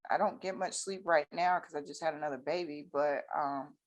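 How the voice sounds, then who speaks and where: A woman talks casually as a guest. She is an animated storyteller who acts out both sides of conversations, and her voice sits a little low for a woman. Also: fairly quick. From North Carolina, USA. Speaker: guest, accounting firm owner. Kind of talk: casual chat.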